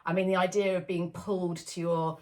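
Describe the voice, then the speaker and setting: A woman's voice: lowish voice, flat delivery, a little fast, a little mellow. A woman co-hosting a casual podcast about films, chatting loosely with many fillers and frequent laughs. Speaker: podcast co-host. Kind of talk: casual film-discussion podcast chat.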